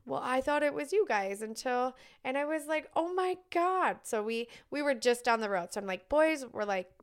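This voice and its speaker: Woman, middle-aged, podcast co-host, casual storytelling, smooth clear voice, animated. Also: fairly high pitch, fairly quick. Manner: animated storyteller, acts out quotes, swears casually.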